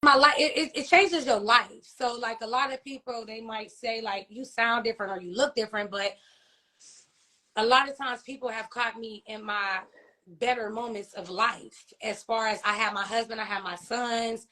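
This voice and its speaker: A woman speaking as an interview guest, telling of personal loss in a halting, heartfelt way, often pausing and asking whether she is understood. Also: fairly high pitch, steady tone, bright, forceful tone. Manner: halting, heartfelt, many fillers and restarts, often asks "you know what I mean?". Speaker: interview guest, grieving mother and author. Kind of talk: emotional personal testimony in an interview.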